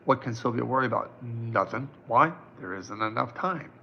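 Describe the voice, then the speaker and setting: A man's voice: mid-range voice, normal speed, vocal fry, highs cut off, a little hiss or hum. A man in his fifties, a psychic answering viewers' questions on a live stream in a casual, reassuring way. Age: 50s. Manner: casual, reassuring, chatty with many fillers.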